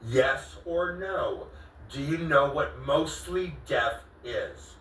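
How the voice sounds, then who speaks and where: A man's voice: fairly high pitch, slow, fairly bright tone, recorded from a distance, slight background noise. A man with a cracking voice, confronting someone and repeating the same questions again and again in a pleading, exasperated way. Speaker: vlogger confronting a friend. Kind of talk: heated confrontation on camera. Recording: echoey room, voice a bit off-mic.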